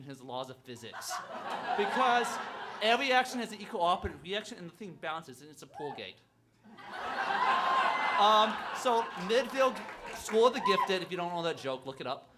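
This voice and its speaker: A man telling a personal story on stage at a live storytelling event, halting and self-deprecating, with lots of fillers and restarts. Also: high voice, big pitch swings, noisy background.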